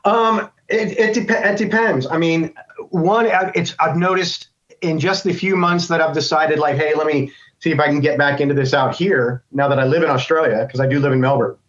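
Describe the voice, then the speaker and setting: A man's voice: fairly high pitch, moderate pace, fairly bright tone. A middle-aged American man talking as an interview guest, thinking aloud and rambling with many restarts. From United States. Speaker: guest voice actor. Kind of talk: casual interview chat. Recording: dull lo-fi sound.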